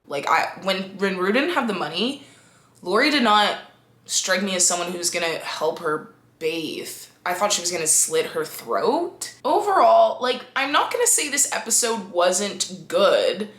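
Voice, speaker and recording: A young woman chatting casually to camera about a TV episode, animated and slangy. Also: mid-range voice, measured pace, roomy sound. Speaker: video creator reviewing a TV episode.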